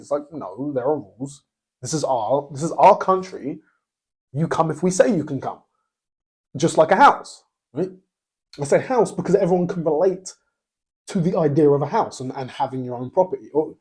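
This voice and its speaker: A man hosts a podcast with a blunt, opinionated monologue, stumbling over restarts and fillers as he goes. His voice is husky and sits a little higher than most men's. He keeps checking in with a quick "right?". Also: darkish tone. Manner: blunt, repeats "right?" as a tag question; halting, with many restarts and fillers. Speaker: podcast host.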